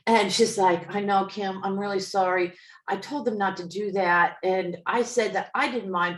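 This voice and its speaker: A woman with a New Jersey accent, co-hosting a podcast, telling a story in a lively way, acting out the people in it and laughing often. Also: medium pitch, fairly quick, roomy sound. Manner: animated, acts out quoted people, laughs often. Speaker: podcast co-host, medium. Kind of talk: casual storytelling chat.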